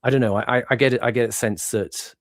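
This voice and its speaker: A man's voice: mid-range voice, steady tone, fast talker, dry recording, clean studio sound. A middle-aged man from Hartlepool with a Northeast English accent, hosting a casual conversation and talking in a rambling, hesitant way. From Hartlepool, England. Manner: rambling, hesitant, laughs often. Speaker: podcast host.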